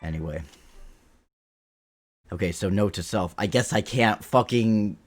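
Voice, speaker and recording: A man's voice: lowish voice, a little slow. A man live-streaming a game playthrough, irritable and cursing as he talks to his viewers. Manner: irritated and swearing.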